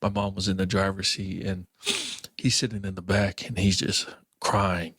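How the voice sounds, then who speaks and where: A man's voice: low-pitched, level tone, normal speed, fairly bright tone, husky, dry recording, studio quality. A young man hosting a podcast, telling a loose anecdote full of fillers and acting out the people he quotes. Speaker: podcast host.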